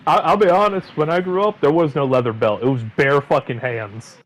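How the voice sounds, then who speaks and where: A man co-hosting a podcast in casual chat, wry, quick to laugh and swearing. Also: on the high side, steady tone. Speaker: podcast co-host.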